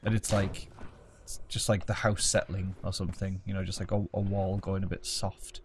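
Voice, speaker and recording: A man's voice: sits low, little pitch movement, moderate pace, a little hiss or hum. A man playing a game at his home desk, joking, swearing and mocking himself as he plays. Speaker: let's play gamer. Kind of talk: casual gameplay commentary.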